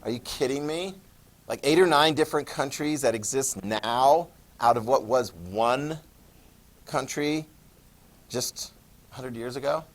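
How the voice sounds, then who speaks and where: A man teaching a history class, casual and joking, asking students questions. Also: medium pitch. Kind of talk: classroom lecture.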